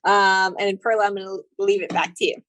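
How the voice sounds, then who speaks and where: Mulher animada apresentando podcast. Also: female voice, mid-range voice, brisk, dry recording. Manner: gushing, excitable. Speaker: podcast host. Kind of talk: podcast interview.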